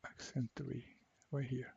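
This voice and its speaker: A man walking through a software assignment step by step, repeating each instruction slowly. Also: medium pitch, flat delivery, creaky, breathy edge, no room sound, lo-fi sound. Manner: slow, step-by-step, repeats cell names. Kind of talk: screen-recorded software tutorial.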